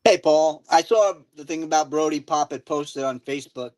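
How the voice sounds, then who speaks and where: Caller, male, slightly high voice, halting, distant phone line. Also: a little mellow. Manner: hesitant, many ums and restarts. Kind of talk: casual phone chat.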